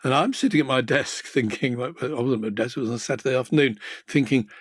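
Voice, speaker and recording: A man's voice: medium pitch, quick pace, husky, no echo, studio quality. An older man co-hosting a podcast about television, talking casually with many fillers and restarts. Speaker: co-host, former TV executive.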